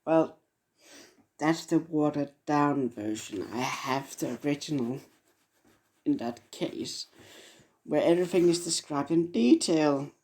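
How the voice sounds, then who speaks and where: Dude playing a shifty owner guy, slow, warns you off. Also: on the high side, a little mellow. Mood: cagey. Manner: evasive, warning.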